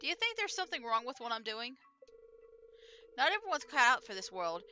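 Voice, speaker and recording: A woman voicing a shy, defensive hermit man in a low, quiet tone, reading game dialogue aloud. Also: sing-song, fairly quick, muffled recording, faint music behind.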